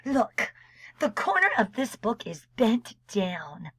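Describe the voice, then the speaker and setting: Slow-reading librarian woman. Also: on the high side, husky, dry recording, poor audio. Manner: slow, expressive reading with soft whispered asides. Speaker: children's librarian. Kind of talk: storybook read-aloud.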